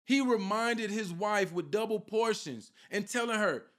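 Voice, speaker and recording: A man's voice: high voice, measured pace, fairly bright tone. A man preaching an informal sermon with fervour, firing rhetorical questions at his listeners and repeating a question for emphasis.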